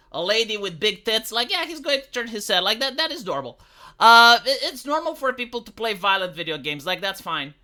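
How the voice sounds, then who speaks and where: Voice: medium pitch, bright, forceful tone. A streamer from Romania, ranting in a video commentary, indignant and full of fillers and restarts.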